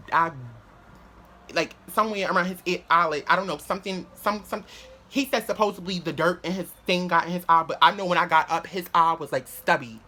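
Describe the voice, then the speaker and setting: A young man telling a story to his viewers in an animated, rambling way, full of slang, swearing and restarts. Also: sits high, a little hiss or hum. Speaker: vlogger. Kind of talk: casual storytelling to camera.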